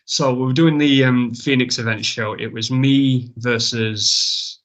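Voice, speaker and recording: Guy rambling thru a story, laughs at himself, swears, middle pitch. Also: fairly even intonation, a little slow, fairly bright tone. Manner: rambling, self-mocking, swears freely. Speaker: guest wrestler. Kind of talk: casual storytelling chat.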